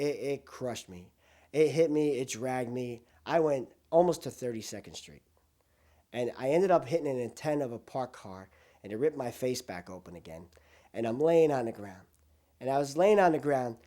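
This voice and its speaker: An older man recounting his past in a documentary interview, swinging between loud, emotional bursts and hushed asides. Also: mid-range voice, moderate pace.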